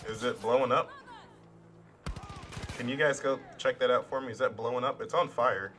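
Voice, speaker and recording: With faint music behind him, a young man commentates on a game he's playing in a mid-range, fairly bright voice, keeping a moderate pace and fairly even intonation. As a gaming channel host doing a casual let's play, he's profane and jokey, swears often, cracks sarcastic remarks, and argues with the characters.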